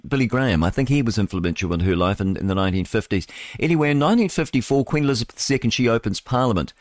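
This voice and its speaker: A New Zealand man hosting morning radio in a casual, rambling way, his voice sitting a little low. He breaks off mid-sentence, circles back and chuckles at his own asides, with the studio mic sounding close and dry. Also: no room sound. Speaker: radio host.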